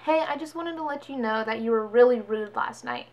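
A woman's voice: on the high side, brisk, lo-fi sound. A young woman vlogger telling a story casually, switching voices to quote people. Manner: chatty, animated quoting of others.

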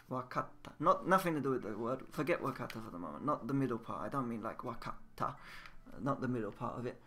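A man giving a casual, patient Japanese lesson, repeating words and drilling them slowly. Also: medium pitch, pushed and bright. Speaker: Japanese language teacher. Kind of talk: casual spoken language lesson. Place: indoors at a computer, game voice chat.

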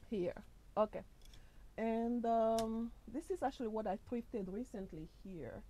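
A woman hosting a casual fashion try-on vlog, chatty and upbeat, pushing her usually soft voice louder and recorded on the camera mic because her lapel mic is missing. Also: on the high side, a little slow, rough recording. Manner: chatty and upbeat, full of fillers and "sis". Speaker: fashion vlogger.

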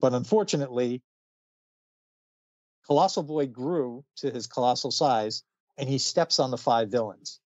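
A man's voice: medium pitch, normal speed, pauses often, a little mellow, no echo, lo-fi sound. Chatty man retelling a comic. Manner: chatty retelling, laughs often, many fillers. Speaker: podcast co-host. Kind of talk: casual comic book discussion.

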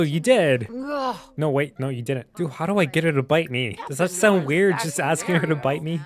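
A man hosting a gaming video, chatting casually over gameplay and often talking back to the characters with excited outbursts. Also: medium pitch. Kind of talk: casual let's-play commentary.

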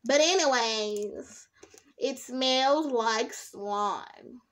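A woman's voice: on the high side, drawn-out words, a bit bright. A young woman chatting casually to her camera in a rambling, self-talking vlog, drawing out her words. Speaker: slime vlogger. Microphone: camera set up nearby.

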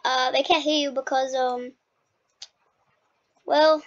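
A woman hosting a gaming video, chatting casually and playfully while she plays, quick to protest and tease. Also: high voice, steady tone, highs cut off. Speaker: gaming channel host. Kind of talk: casual gameplay commentary.

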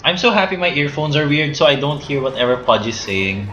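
A young man gaming with a friend, his bright voice lively and full of teasing laughter. He swings between gloomy mutters and excited shouts. The room sounds echoey around him. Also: fairly high pitch, brisk, muffled recording, faint music behind. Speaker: gamer. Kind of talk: casual gaming banter. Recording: roomy home recording.

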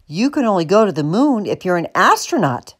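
A woman's voice: mid-range voice, very animated, fairly quick. A woman voicing a patient male farmer who coaxes and reasons with an exasperated tone. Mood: coaxing. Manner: coaxing, exasperated.

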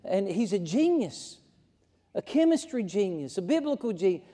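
A pastor delivers a sermon from the pulpit in a folksy, emphatic manner that builds to fervent peaks. His voice is high for a man but dark and mellow, with wide pitch swings at normal speed, ringing through the long reverb of a church sanctuary.

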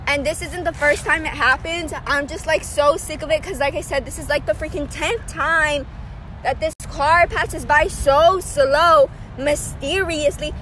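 A woman's voice: high-pitched, measured pace, fairly bright tone, a little hiss or hum. A young woman, a runner, ranting angrily to her phone at a park, exasperated and repeating herself. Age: young adult. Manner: heated, exasperated, repeats "freaking" and "like". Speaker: runner vlogging. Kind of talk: angry rant to camera. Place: outdoors at a park.

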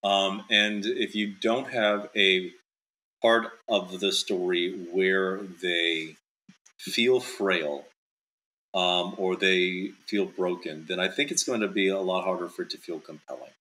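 A man's voice: low-pitched, steady tone, takes it slowly, pushed and bright, rough recording. A male author being interviewed in casual chat, talking in loose, rambling sentences full of "like" and "um". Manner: rambling, heavy with fillers like "like" and "um".

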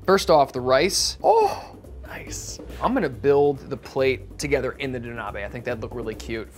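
A man's voice: mid-range voice, moderate pace. Young guy home cook, chatty and upbeat, plating food, bit of music under it. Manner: upbeat, chatty, laughs easily. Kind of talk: casual cooking narration. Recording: faint music in the background.

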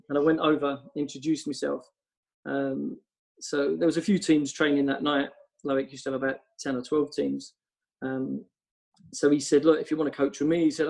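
A man's voice: on the high side, creaky, darkish tone, poor audio. A man, a football coach, telling long casual stories on a podcast, rambling with lots of ums. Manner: rambling anecdotes with frequent ums.

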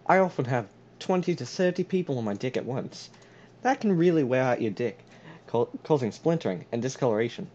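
A man putting on a mock New Zealand accent, playing a silly pitchman in a fake commercial. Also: lively intonation, a little fast, darkish tone, muffled recording, a little hiss or hum, lightly acted.

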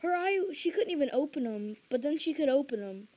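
A woman's voice: high voice, lively intonation, fairly quick, a little mellow, poor audio. A woman chatting casually in a vlog, rambling and stammering over repeated words. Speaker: vlogger.

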